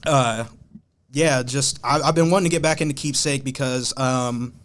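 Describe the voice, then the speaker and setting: A man from Ohio, a podcast guest, telling stories in a relaxed, slangy way. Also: mid-range voice, normal speed. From Columbus, Ohio. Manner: laid-back, slangy storytelling. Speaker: podcast guest, hat designer. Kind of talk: casual conversation.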